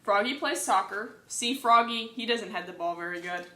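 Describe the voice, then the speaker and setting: A woman reading a children's book aloud in a cheerful, lively way, recorded in an echoey room. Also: mid-range voice, moderate pace. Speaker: reader. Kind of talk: children's storybook read-aloud.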